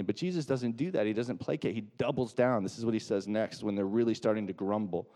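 A man's voice: lowish voice, a little fast, hardly any pauses, warm tone. A man pastor giving a conversational sermon, asking rhetorical questions and acting out quoted voices.

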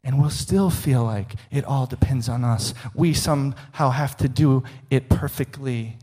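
Male pastor preaching, earnest, goes quiet and low for the big points, mid pitch. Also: a little slow, breathy edge. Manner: earnest, dips soft and low for emphasis. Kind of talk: sermon.

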